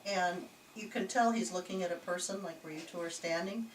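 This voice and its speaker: A woman telling a chatty, animated story indoors in an old jail, laughing easily. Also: on the low side, brisk. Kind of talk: casual storytelling to investigators. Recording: echoey, distant, noisy camcorder audio.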